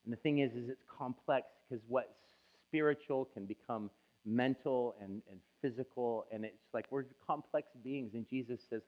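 A man's voice: medium pitch, normal speed. A man preaching a sermon as a pastor, telling his own story in an emotional, confessional way. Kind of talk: sermon testimony. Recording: tinny phone-like sound.

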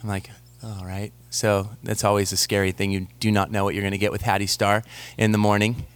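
A man in his thirties preaching a sermon, moving from slow scripture reading into a relaxed story about his young daughter. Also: on the low side. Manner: reads scripture slowly, then tells a family story conversationally. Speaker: pastor.

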